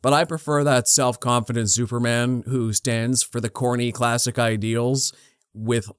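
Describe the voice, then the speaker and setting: A man co-hosting a casual film debate, talking earnestly and putting on quick voices when he quotes. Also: mid-range voice, clean tone, dry recording, clean studio sound. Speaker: podcast co-host.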